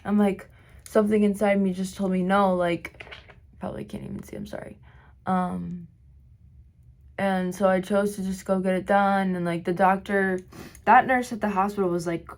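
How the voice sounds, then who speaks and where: A woman vlogging while doing her makeup, telling a long personal story in a rambling, filler-heavy way, her voice slightly hoarse. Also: mid-range voice, flat delivery, moderate pace. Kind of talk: get-ready-with-me storytime.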